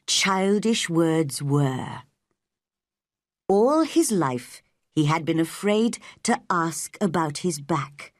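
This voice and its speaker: A woman narrating a simple storybook clearly and deliberately for English learners. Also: on the low side, dry recording, studio quality.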